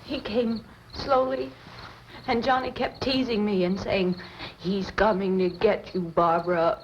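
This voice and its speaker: An actress playing a shocked young woman who haltingly recounts an attack and breaks into sobbing screams, from an old horror film on a dull home VHS tape. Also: mid-range voice, fairly even intonation, a little hiss or hum, close to an everyday voice. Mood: dazed. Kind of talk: 1960s horror film acting.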